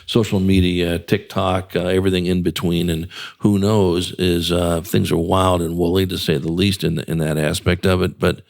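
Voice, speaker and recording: Male host, very low voice, gravelly, rambling, jovial. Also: little pitch movement, normal speed. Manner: rambling, filler-heavy, jovial. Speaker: radio show host. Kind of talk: casual interview chat.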